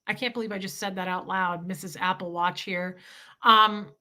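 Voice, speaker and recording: Bright-voiced woman, candid and emotional. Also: mid-range voice, fairly even intonation, moderate pace. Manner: emotional, confessional, swears freely. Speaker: livestream host. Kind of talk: candid livestream chat.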